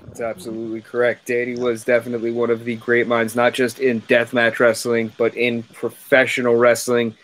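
A man's voice: mid-range voice, completely flat delivery, brisk, a bit bright. A man hosting a live tribute talk show, steadily directing the guests. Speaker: host.

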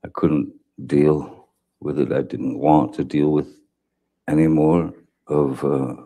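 Very deep, slow, hesitant male witness. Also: flat delivery, mellow. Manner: halting, hesitant, many restarts and fillers. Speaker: trial witness. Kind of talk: courtroom testimony. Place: courtroom.

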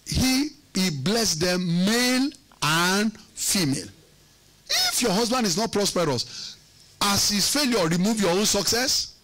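A male pastor preaches with a high voice that swoops up and down with lively energy. He drives his points home with call-and-response questions, teasing asides and punchy repetitions. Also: unhurried. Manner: teasing, repeats words for effect. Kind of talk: sermon.

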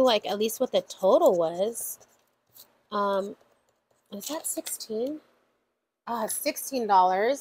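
Excitable chatty woman counting cash. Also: a little high, slight background noise, poor audio. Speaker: budgeting vlogger. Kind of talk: casual vlog talk to viewers.

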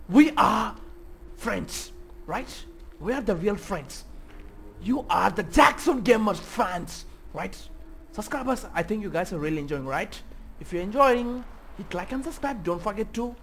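A gaming YouTuber with a high, bright-ish male voice and vocal fry does let's-play commentary on a horror game. He swears constantly and rambles nervously in a panic. There's slight background noise.

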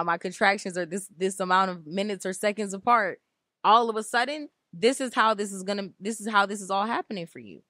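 A woman's voice: medium pitch, a bit bright, no echo, clean studio sound. A woman hosting an inspirational spiritual talk, speaking in an emphatic, repetitive, conversational way. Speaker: spiritual channel host.

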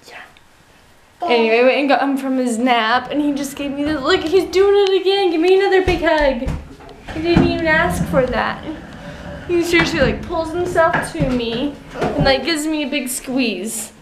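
A young woman talking casually to the camera in a home vlog, chatty and excitable, quick to laugh. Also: high voice, noisy background. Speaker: mother and family vlogger.

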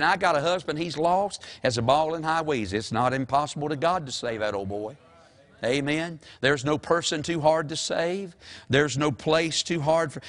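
Older pastor, male, slightly high voice that swings up and down, folksy call-and-response sermon. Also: a bit bright.

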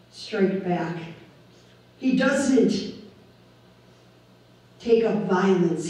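Slow-preaching woman pastor in echoey church. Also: mid-range voice, mellow. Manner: slow, deliberate preaching with emphatic rises. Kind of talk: sermon. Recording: echoey room, voice from far off the mic.

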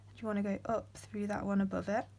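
A young woman, hosting a step-by-step beading tutorial in a soft voice that often drops to a whisper, with frequent ums. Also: medium pitch, level tone, fast talker, vocal fry.

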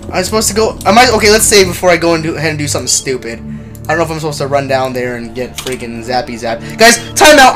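A livestreamer giving casual horror game commentary, chatty with viewers and prone to loud yelps and nervous laughter. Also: medium pitch. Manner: chatty, talks to chat viewers.

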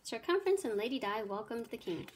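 A woman teacher reading a children's math story aloud with clear, expressive storytelling. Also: on the high side, fast.

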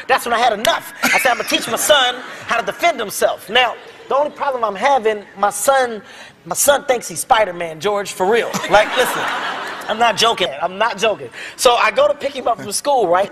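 A man from Philadelphia telling comic stories as a talk show guest, laughing and yelling his punchlines. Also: high-pitched. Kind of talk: comedic storytelling. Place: television studio with audience. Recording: loud studio audience laughter, noisy.

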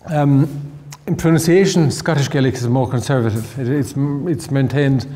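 Irish man lecturing, mellow voice. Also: mid-range voice, moderate pace, in a large hall. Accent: southern Irish. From Ireland. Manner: repeats words, restarts often. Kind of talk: online lecture.

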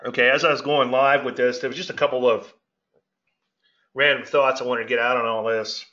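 Casting: middle-aged male host, outgoing, talks loosely and meanders, bright forceful tone, dull lo-fi recording. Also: mid-range voice, fairly even intonation, a little fast. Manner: gregarious, rambling, self-interrupting. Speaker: market analyst and show host. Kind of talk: casual trading commentary. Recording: dull lo-fi audio.

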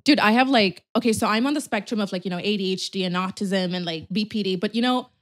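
A woman's voice: mid-range voice, fast. A young woman hosting a podcast, chatting candidly and animatedly, swearing and acting out quotes. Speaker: podcast host. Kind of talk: casual chat.

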